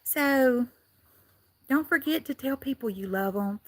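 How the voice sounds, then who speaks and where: A woman's voice: sits high, expressive, a little slow, no room sound. A woman from Louisiana with a Southern accent, chatting on a casual live stream, rambling and laughing often. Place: in and around a car.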